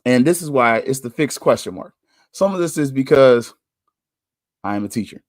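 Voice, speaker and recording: Animated chatty male podcast host. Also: mid-range voice, moderate pace, no room sound, studio quality. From United States. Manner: candid, chatty, laughs and sighs often. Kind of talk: casual commentary monologue.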